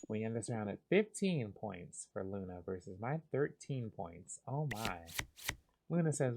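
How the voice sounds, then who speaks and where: A man giving calm, soft, unhurried commentary as he plays a cozy game for sleepy listeners. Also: fairly low pitch, vocal fry, a little hiss or hum. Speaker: gaming channel host.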